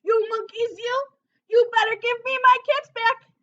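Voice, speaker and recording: A woman voicing an angry male cap peddler who scolds and shouts at monkeys in a storybook reading. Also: extremely high pitch, a little slow, muffled recording, pitched above the performer's own voice, heavily acted. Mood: angry scolding.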